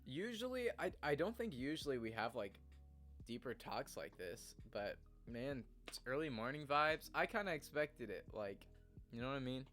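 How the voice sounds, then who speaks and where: A young man streaming from his room at home, talking in an earnest, rambling way and laughing at himself as he goes. His voice sits in an ordinary middle pitch. Soft guitar music plays faintly behind him. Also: sing-song, normal speed. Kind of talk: casual morning stream chat.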